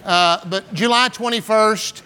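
Preaching a folksy storytelling sermon, a Texas pastor in his 60s from San Antonio fills his speech with "and, uh" and "man." His high voice is smooth, bright, and forceful, and he keeps a measured pace.

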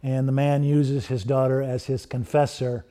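A man's voice: mid-range voice, flat delivery, moderate pace, mellow. A male preacher giving an earnest sermon that builds into a fervent closing prayer.

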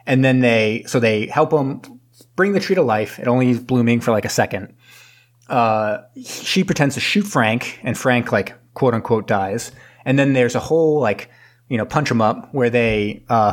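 Male podcast host, casual rambling plot recap, mid pitch, playful character voices. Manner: rambling, acts out characters in quick funny voices. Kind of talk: casual movie recap chat.

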